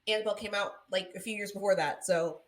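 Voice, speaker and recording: A woman co-hosts a podcast, chatting casually, telling stories and acting out quotes with big jumps in her voice. She talks fast, with a medium pitch and fairly even intonation.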